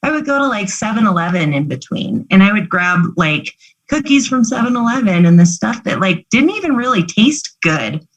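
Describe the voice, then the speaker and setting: A woman's voice: mid-range voice, big pitch swings, moderate pace, rough recording. Reflective young woman podcast guest. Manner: reflective, hesitant, frequent "like". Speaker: guest, coaching client. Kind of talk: conversational podcast interview.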